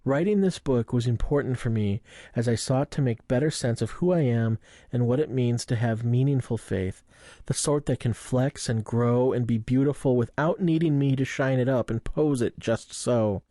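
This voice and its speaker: A young adult man narrates a first-person memoir as an audiobook narrator, in a wry, self-mocking, conversational style. His medium-pitched voice has a dark tone and a moderate pace, recorded at studio quality with no room sound.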